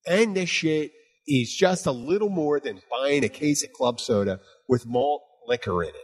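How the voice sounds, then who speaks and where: A man's voice: fairly high pitch, breathy edge. A man hosting a bartending podcast in casual chat, talking bluntly and emphatically with plenty of swearing. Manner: emphatic, blunt, profane, repeats "you know what".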